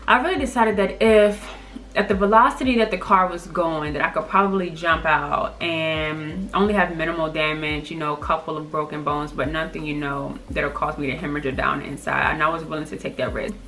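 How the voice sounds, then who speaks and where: Lowish-voiced woman vlogging a storytime, sassy and blunt, little bit of background hum. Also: a little fast. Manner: sassy, blunt and animated, acting out quotes. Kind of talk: casual storytime vlog. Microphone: camera's built-in mic.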